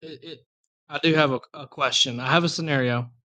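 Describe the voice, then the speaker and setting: Man, bright sharp voice, slightly high, teasing jokes, casual podcast chat. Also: fairly even intonation, brisk. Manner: joking, teasing.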